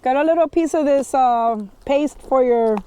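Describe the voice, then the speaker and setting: Out on a trail, a young woman guests on a podcast in a casual chat, blunt and talkative and swearing freely. Her voice sits high and mellow at normal speed, with a little hiss or hum in the recording.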